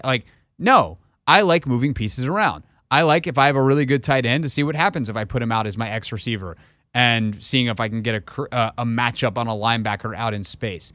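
A man's voice: medium pitch, fairly quick, a bit bright. A male sports radio host talking into a studio mic, opinionated and chatty, thinking aloud with plenty of fillers. The sound is close and dry, with no room echo.

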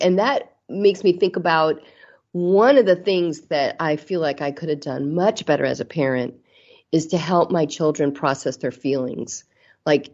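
A woman's voice: fairly low pitch, darkish tone, highs cut off. A middle-aged woman talking earnestly and reflectively about parenting in a casual conversation, the mother of grown children. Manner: earnest, reflective, acts out quoted mom voices. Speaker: guest.

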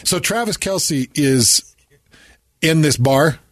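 A man co-hosting a casual sports talk show. He retells clips in an animated way and slips into quick impressions. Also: a little high, dry recording, studio quality. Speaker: co-host.

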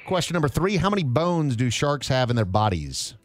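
A man's voice: mid-range voice, fairly quick, very noisy. A man hosting a radio show, running a quiz with teasing banter at the studio microphone. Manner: lively, teasing quizmaster. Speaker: radio host.

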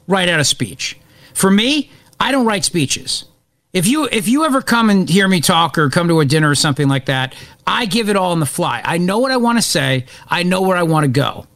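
Middle-aged male talk radio host, slightly raised pitch, dry close studio sound, unscripted rambling delivery. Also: a bit bright, no echo. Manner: off-the-cuff, rambling with restarts and asides.

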